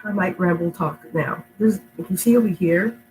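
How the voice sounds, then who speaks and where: A woman who sounds sick and stuffy reads stories aloud to kids at home, then slides into casual, rambling, affectionate talk punctuated by frequent laughs. Her voice is on the low side and darkish, at normal speed. The audio is poor, with a little hiss or hum.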